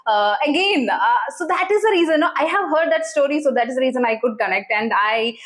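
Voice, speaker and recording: Chatty woman, high voice. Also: animated, quick pace, a bit bright. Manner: chatty, searching for words with many fillers. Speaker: reaction video co-host. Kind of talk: casual chat.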